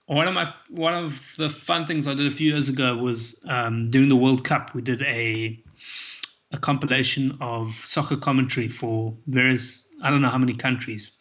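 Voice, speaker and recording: A man with a bright, forceful voice, telling comedy stories in a rambling way. He corrects himself as he goes. The audio is dull and lo-fi. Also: medium pitch, steady tone, moderate pace. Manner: rambling, self-correcting storytelling. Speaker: comedian guest. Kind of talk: casual interview chat.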